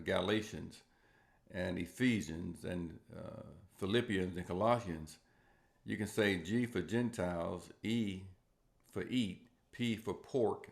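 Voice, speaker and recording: A man teaching a church Bible lesson, often repeating and restarting words and growing louder when he reads scripture. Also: low voice, creaky. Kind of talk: Sunday school Bible lesson.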